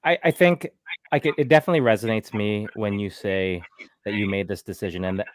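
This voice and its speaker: Low-voiced reflective man host. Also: brisk, no echo, poor audio. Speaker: podcast host. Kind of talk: casual podcast chat.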